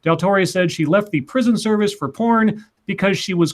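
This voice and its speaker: A man's voice: sits high, normal speed. A man co-hosting a podcast, reading news stories aloud with wry asides. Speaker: podcast co-host. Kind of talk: casual news banter and reading.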